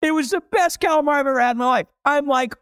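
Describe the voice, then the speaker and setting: A middle-aged man, a chef and restaurateur, telling stories as an interview guest in a lively, animated way. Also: very high-pitched, racing. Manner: animated, acts out voices in stories. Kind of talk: storytelling interview.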